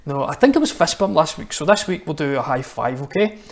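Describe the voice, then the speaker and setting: A man's voice: a little high, very animated, a little fast. Scottish man, chatty children's address for an online church service, friendly and direct. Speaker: church minister.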